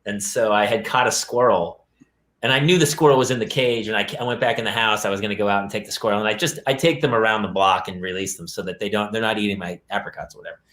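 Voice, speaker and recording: A man co-hosting a parenting podcast, telling animated family stories and playing his children's voices. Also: fairly low pitch, fast talker. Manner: animated storyteller, acts out his kids' voices. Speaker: podcast co-host. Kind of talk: casual chat. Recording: roomy echo.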